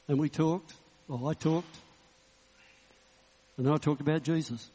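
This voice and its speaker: A man in his sixties, a Baptist minister, preaching in a relaxed, humorous storytelling way. His voice sits a little high for a man. The sound rings with the long reverb of a church hall. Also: unhurried, long pauses, slightly rough. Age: 60s. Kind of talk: sermon with personal story and prayer.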